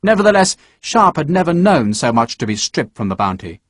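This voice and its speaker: A man narrating an audiobook in a measured, expressive storytelling manner, recorded close to a studio microphone. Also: a little high, no room sound. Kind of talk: scripted narration.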